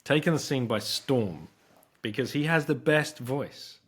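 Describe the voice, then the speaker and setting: A man's voice: mid-range voice, expressive, unhurried, husky. A man hosting a podcast, chatting in an upbeat, teasing way. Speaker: podcast host. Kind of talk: casual chat.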